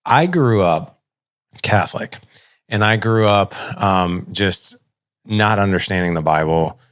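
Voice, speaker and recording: A middle-aged male podcast host candidly recounts a personal story in a relaxed, conversational style, leaning hard on "like" and acting out dialogue. His voice is fairly low and clean, and he takes his time. The recording is dry and studio quality.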